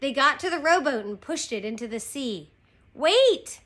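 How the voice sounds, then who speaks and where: A woman teacher reading a chapter book aloud to her class, slow and expressive. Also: high-pitched. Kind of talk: storybook read-aloud.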